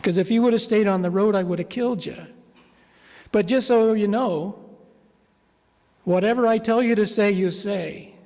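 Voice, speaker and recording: A man's voice: sits high, moderate pace, pauses often, darkish tone. A man voicing a stern angel who gives blunt, firm warnings in a retold story. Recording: long church reverb.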